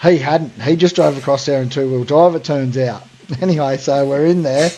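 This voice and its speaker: A man's voice: medium pitch, normal speed, warm tone, rough recording. An Australian man hosting a podcast, telling a long story in a rambling, slangy way full of fillers. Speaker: podcast host. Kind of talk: casual storytelling.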